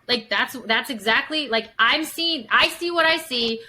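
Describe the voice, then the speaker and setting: A woman's voice: high voice, a little slow, hardly any pauses, bright, forceful tone, rough recording. A woman psychotherapist talking casually as a podcast guest, full of fillers and acting out examples as she explains. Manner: chatty, many fillers, acts out examples.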